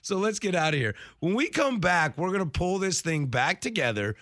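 A man's voice: sits high, sing-song, normal speed, a bit bright, no room sound, studio quality. A man co-hosting a sports radio show, bantering playfully and enunciating every consonant theatrically.

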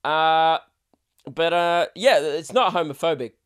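Young male podcast host, crude and rambling, laughs a lot, raised pitch. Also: slow pace, a bit bright, clear, resonant tone. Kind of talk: casual solo podcast rant.

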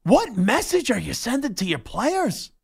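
A man's voice: very high-pitched, wildly swooping pitch, measured pace, gravelly, slightly rough. A young adult man hosting a sports talk show, ranting in an indignant, worked-up way. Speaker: sports radio host. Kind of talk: heated talk-show rant.

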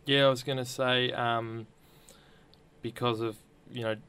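Smooth-voiced man hosting an interview. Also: medium pitch, flat delivery, measured pace. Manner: hesitant, gentle questions with fillers. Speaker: podcast host.

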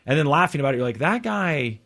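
A man co-hosting a podcast, chatting casually and telling animated stories. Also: a little high, fast. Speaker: podcast co-host. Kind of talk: casual chat.

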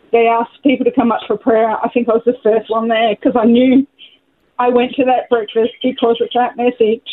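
A middle-aged woman calling in to a radio show, sharing a personal story in an emotional, halting, heartfelt way. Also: on the high side. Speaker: caller. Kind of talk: phone-in testimony. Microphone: phone. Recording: tinny phone line with faint noise.

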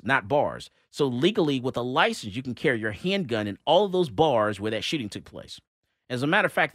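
A man hosting a talk radio show, telling a story in a casual, animated way with many fillers and restarts. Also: mid-range voice, no room sound, clean studio sound.

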